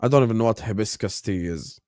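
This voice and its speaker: Here the Jordanian-accented host of a casual watchalong stream speaks fast in a fairly low, dark-toned voice, recorded dry at studio quality. He's a bit sick and on cough syrup, yet still banters with viewers, reads their names from chat, and switches between Arabic and English.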